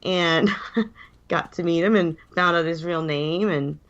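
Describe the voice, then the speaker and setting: A woman's voice: lowish voice, slow. A woman with a cold, chatting casually on a radio show and laughing often. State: has a cold. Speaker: regular co-host. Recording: dull lo-fi sound.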